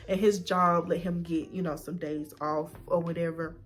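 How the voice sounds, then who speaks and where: A young woman vlogger telling her own story in a casual, animated way, acting out what people said. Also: lowish voice, normal speed. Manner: casual and animated, acts out voices in quotes. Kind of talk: emotional personal storytelling.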